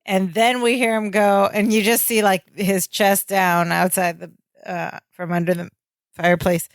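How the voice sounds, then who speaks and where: A woman with a gravelly, creaky edge to her voice co-hosts a sitcom rewatch podcast. She narrates scenes step by step in a relaxed, chatty way. The sound is dry and close. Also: medium pitch, measured pace, dry recording. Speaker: podcast co-host. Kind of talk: casual chat recapping a sitcom episode.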